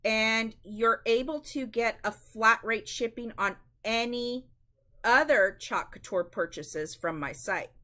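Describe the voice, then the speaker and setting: Woman host for a live craft demo: unhurried, slightly high voice, chatty how-to delivery. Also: bright, forceful tone. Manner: chatty, instructive, addresses viewers as guys. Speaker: craft demonstrator.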